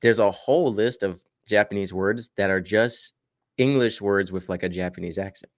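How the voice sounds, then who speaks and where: A man with a very low voice chats casually and tells jokey stories, full of fillers and asides. The sound is dry and close, as on a video call. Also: normal speed, no room sound. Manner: joking, storytelling, many fillers. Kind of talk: casual chat.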